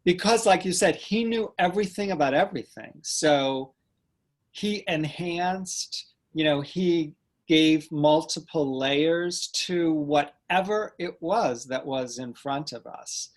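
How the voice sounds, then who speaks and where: Earnest middle-aged man recalling gently. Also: a little high. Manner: earnest, halting, gentle, with frequent restarts. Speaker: host. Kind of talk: reflective conversational storytelling.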